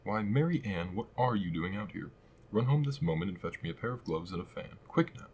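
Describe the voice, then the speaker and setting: A man's voice: sits low, brisk, slight background noise. A man reading aloud and voicing a fussy, frantic male rabbit from a storybook, muttering fretfully. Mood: bossy.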